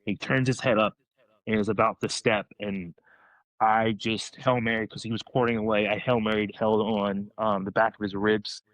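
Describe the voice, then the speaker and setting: A man on a podcast, telling a story in a casual, excited way, rambling, restarting his sentences. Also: on the low side, moderate pace, no room sound, rough recording.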